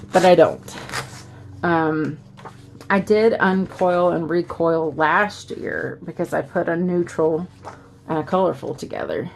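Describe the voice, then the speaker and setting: A woman's voice: fairly low pitch, creaky, a little hiss or hum. A woman with a Southern US accent, chatting casually and rambling as she walks through her planner setup. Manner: rambling, chatty, with fillers and asides. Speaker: planner vlogger.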